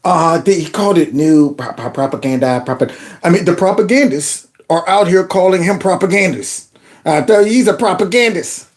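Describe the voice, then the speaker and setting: A man hosting a political commentary show, talking over clips in an animated, mocking way and repeating phrases in a singsong. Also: high voice, normal speed. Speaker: commentary channel host.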